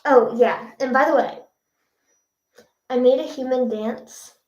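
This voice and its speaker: A woman's voice: high voice, slow pace, darkish tone, lo-fi sound. Bubbly young woman chatting on a livestream. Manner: bubbly, chatty, reads out viewer comments. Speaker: singer hosting a livestream. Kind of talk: casual livestream chat. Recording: echoey room.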